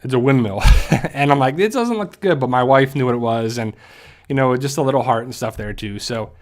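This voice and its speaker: A man hosting a casual livestream, talking haltingly with many fillers and restarts and growing emotional at times. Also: medium pitch, fairly even intonation. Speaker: YouTube channel host.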